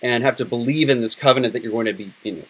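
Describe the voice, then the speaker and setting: A man's voice: mid-range voice, rapid-fire, a bit bright, breathy edge. A middle-aged man hosting a podcast in casual chat, candid and emotional, swearing freely. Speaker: podcast host.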